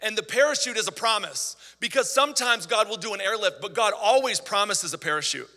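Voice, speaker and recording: A man preaching a sermon as pastor, animated and conversational with quick asides to the congregation. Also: high-pitched, big-room sound.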